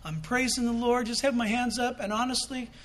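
Animated high-voiced male pastor preaching. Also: brisk. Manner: animated, acts out quotes with sudden loud bursts. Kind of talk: sermon.

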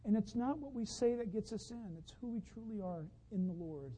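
A man preaching a sermon, telling a story as he goes, dropping from hushed to loud excited outbursts. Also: high voice, brisk, slightly rough, rough recording. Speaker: pastor.

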